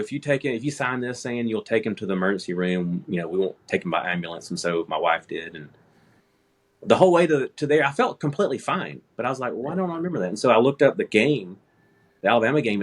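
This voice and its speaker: A low, husky male voice tells a story in an easygoing way, laughing at his own mishaps. He is a man in his thirties talking with friends. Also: fairly quick. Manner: relaxed anecdotal storytelling, laughing at himself. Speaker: air traffic controller, guest. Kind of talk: casual storytelling.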